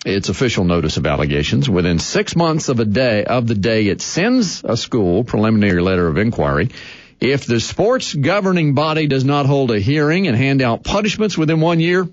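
Male sports talk host, amused, very animated pitch, dry dull radio sound. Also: fairly quick, no echo. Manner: lively, amused, laughs while reading.

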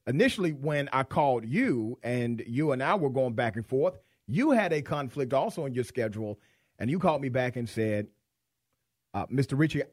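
A man's voice: medium pitch, animated, moderate pace, no room sound. A man hosting a radio talk show from the studio, chatting loosely and joking with listeners. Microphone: studio microphone.

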